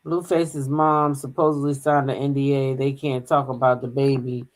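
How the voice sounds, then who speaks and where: A woman with an extremely low, darkish voice and a level tone hosts a gossip channel. She chats casually, drawing out filler hums as she reads the news aloud in relaxed commentary.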